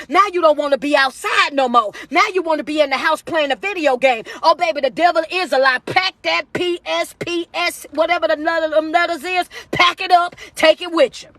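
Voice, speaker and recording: High-pitched woman in AAVE preaching hard on a live stream, keeps saying baby, real dry close phone sound. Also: no room sound. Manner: preachy, repetitive, emphatic, calls listeners baby. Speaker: motivational speaker. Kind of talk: live-stream motivational talk.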